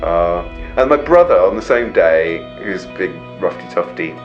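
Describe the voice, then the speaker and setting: Deep-voiced man telling a lively story. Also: measured pace. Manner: animated, mimics relatives in loud high voices. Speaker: interviewee. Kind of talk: personal storytelling. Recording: slightly muffled with music behind.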